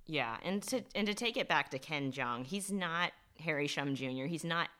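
A woman's voice: low-pitched, animated, normal speed, sharp tone. A woman co-hosting a podcast who talks in a thoughtful, casual way and often hedges her words with fillers. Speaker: podcast co-host. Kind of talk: casual discussion.

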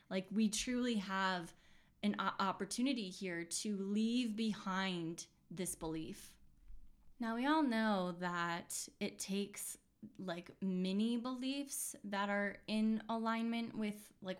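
A woman hosting a podcast and giving an intuitive reading in a casual, chatty monologue, earnest and reassuring, full of fillers and restarts. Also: mid-range voice.

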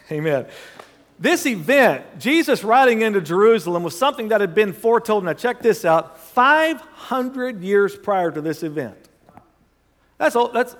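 A man's voice: high voice, fairly bright tone. A man preaching a sermon in a church, reading scripture with conversational asides to the congregation and leading prayer with rising fervor. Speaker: pastor. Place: church sanctuary. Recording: long hall reverb.

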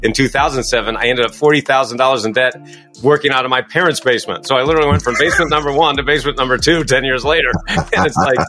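Fast-talking bright-voiced man. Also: medium pitch, soft background music. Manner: fast, energetic, emphatic. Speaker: podcast guest, coach. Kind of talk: interview answers.

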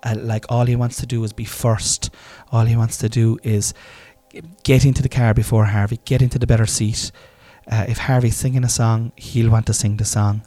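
Mellow-voiced Irish man telling stories. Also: medium pitch, level tone, moderate pace, hardly any pauses. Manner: swearing, laughing, self-deprecating. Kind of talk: casual storytelling monologue.

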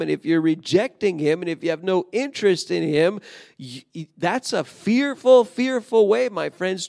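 A man's voice: high-pitched, gravelly, darkish tone, dry recording, studio quality. A man preaching a sermon in an earnest, emphatic way, often restarting his phrases. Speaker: pastor.

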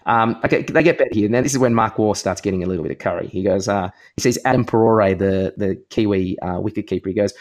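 A man's voice: lowish voice, quick pace, few pauses. A man co-hosting a podcast in casual banter, retelling jokes and acting out quoted lines with bursts of laughter. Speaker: podcast co-host.

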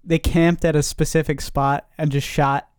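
A man co-hosting a casual podcast, going off on animated, rambling tangents. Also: a little high, moderate pace, smooth, no room sound, clean studio sound. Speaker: podcast co-host. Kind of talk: casual chat.

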